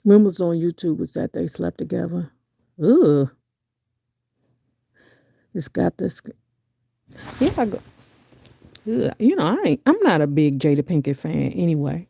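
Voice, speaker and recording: A middle-aged woman holds forth in casual live-stream commentary, answering her chat in an unhurried, dark, gravelly voice. She is blunt and profane, full of rhetorical questions, and her pitch leaps up sharply whenever she exclaims. The sound is dry and close. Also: big pitch swings, no room sound. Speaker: vlogger reading live chat.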